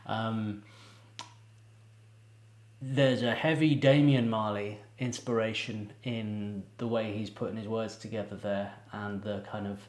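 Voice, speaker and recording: A man's voice: lowish voice, fairly even intonation, slow. A man hosting a music reaction video, talking casually and digressively and speaking straight to his viewers. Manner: chatty, digressive, addresses viewers directly. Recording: echoey room.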